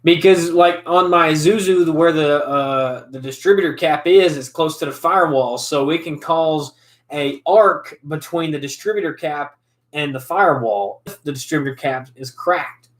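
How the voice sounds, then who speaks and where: A man's voice: fairly high pitch, normal speed. A man in his twenties chatting casually over drinks in a laid-back way, laughing often. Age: 20s. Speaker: host. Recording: echoey room.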